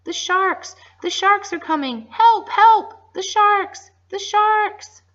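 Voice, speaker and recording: A woman's voice: slow pace, exaggerated voice. Woman doing screaming panicked pirates. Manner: shrill, panicked shouting. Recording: dull lo-fi recording.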